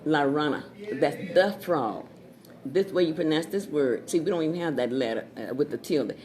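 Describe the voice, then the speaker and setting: A woman chatting casually as she pitches her Spanish dictionary, repeating words and laughing at her own jokes. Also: animated, moderate pace, a little mellow. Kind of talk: casual sales chat with jokes. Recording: crowd noise behind.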